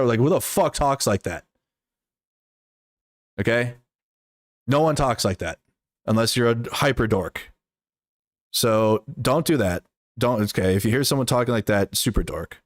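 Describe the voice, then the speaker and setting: A man's voice: mid-range voice, moderate pace, pauses often, no echo, studio quality. A man in casual stream commentary, talking in a blunt, rambling and profane way, with lots of "like".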